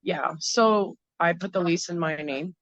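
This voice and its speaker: A woman from Canada, a guest in an interview, telling a hard personal story in a frank, halting way with many fillers and restarts. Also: lowish voice, dry recording, muffled recording.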